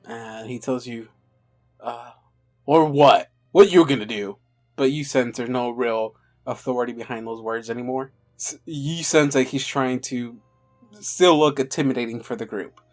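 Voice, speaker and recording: Man, game master, casual and halting. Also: medium pitch, steady tone, faint music behind. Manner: casual, halting, many restarts. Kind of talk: narrating a tabletop game.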